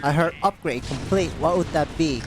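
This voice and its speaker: A man with a Korean accent coaching a player live, giving brisk, directive instructions and chuckling between them. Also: on the high side, over music.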